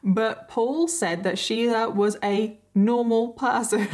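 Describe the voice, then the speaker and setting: A woman's voice: a little high, steady tone, slow pace, darkish tone. A woman with a British accent hosting a true crime podcast, telling the story in a chatty, conversational way with asides to the listener.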